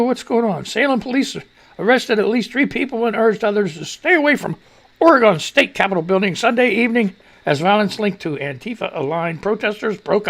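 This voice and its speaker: A man rants his way through the day's news on a live show. His talk is loose and profane, with a gravelly rasp, and his pitch leaps all over the place. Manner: loose, profane, animated ranting. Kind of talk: casual live news commentary.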